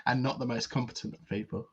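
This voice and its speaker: A husky-voiced man chats casually as a tabletop game player, calmly describing his character's moves in the third person. His voice comes through a dull, lo-fi mic. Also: medium pitch.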